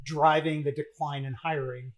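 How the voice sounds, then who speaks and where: High-pitched easygoing podcast co-host. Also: male voice, steady tone, normal speed. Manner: easygoing, agreeable, dry humor. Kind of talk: casual chat in front of a live audience.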